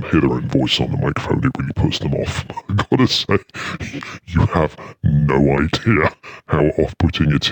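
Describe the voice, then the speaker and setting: A man's voice: very deep voice, dry recording. A man hosting an internet radio show, chatting casually between tracks in a dry, rambling, self-mocking way. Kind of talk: casual radio chat and music links.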